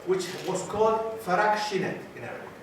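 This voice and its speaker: A man's voice: high voice, animated, normal speed, distant mic. Guy lecturing students, keeps asking the crowd stuff and repeating himself, faint hiss, recorded from the back. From Greece. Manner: quizzes the audience and repeats key phrases. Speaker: guest lecturer. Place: university lecture room. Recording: very echoey hall, taped from afar.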